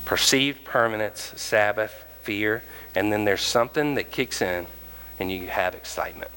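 A man preaching a sermon as pastor, animated and acting out the voices of the people in his stories. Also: fairly low pitch, moderate pace, clean tone, in a large hall, low-quality recording. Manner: animated, acts out quoted voices.

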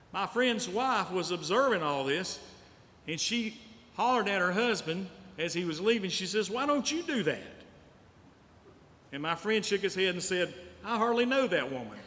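Preacher in a reverberant church hall. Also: male voice, sits high, bright, forceful tone, slight background noise. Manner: storytelling preacher, repeats lines for emphasis. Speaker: pastor. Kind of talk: sermon. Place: church sanctuary.

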